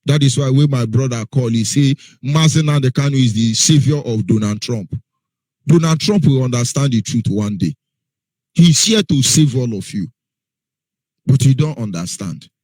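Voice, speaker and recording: Husky, emphatic radio presenter man. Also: mid-range voice, moderate pace, warm tone, dry recording. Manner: emphatic, repeats rhetorical questions and answers them. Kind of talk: impassioned radio talk.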